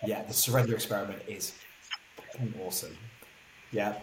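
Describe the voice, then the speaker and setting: A man's voice: lowish voice, a little fast, roomy sound, a little hiss or hum. A man hosting a podcast, chatting casually with playful, teasing banter. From Britain. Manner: jokey, teasing, animated banter. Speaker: podcast host.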